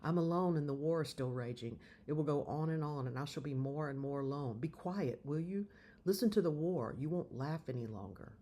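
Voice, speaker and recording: A man reading aloud voices a frightened young man hiding in a forest cave, calling out in urgent, pleading shouts. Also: mid-range voice, fairly even intonation, normal speed, slight background noise, close to an everyday voice. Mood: defiant.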